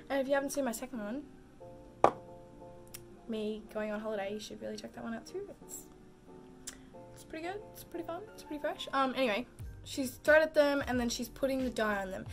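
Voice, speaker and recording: Young woman vlogger rambling thru a story, kinda high voice, laughs a lot, lil music in the back. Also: a little fast, long pauses. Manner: chatty, giggly, animated storytelling with lots of "like". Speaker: beauty vlogger. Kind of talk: casual storytelling chat.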